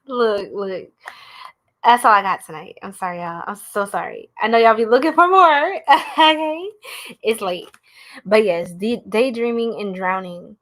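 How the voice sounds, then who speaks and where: A woman's voice: mid-range voice, unhurried, a bit bright. A young woman, doing a live tarot reading in a playful, goofy, slangy way and laughing often. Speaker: tarot reader.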